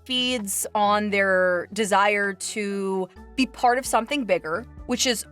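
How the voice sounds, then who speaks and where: A woman guest in casual stream chat, talking earnestly and candidly, animated in her manner. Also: mid-range voice, takes it slowly, faint music behind.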